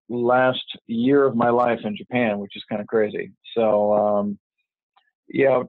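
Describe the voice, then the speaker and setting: A man's voice: mid-range voice, no echo. A man as an interview guest, talking casually over the phone in a rambling way, full of fillers and restarts. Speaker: interview guest, business networker. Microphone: phone line. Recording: tinny dry phone line.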